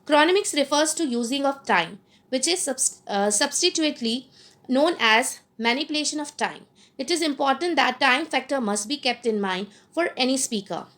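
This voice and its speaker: A woman, a teacher giving a recorded lecture, explaining points slowly and repeating them with fillers. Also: high voice, lively intonation, fairly bright tone.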